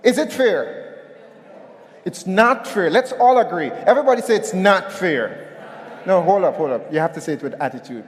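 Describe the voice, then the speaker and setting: A man's voice: high voice, very animated, a little fast. A man giving a motivational conference talk, telling a story and calling on the audience to respond, recorded in an echoey hall. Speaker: keynote speaker.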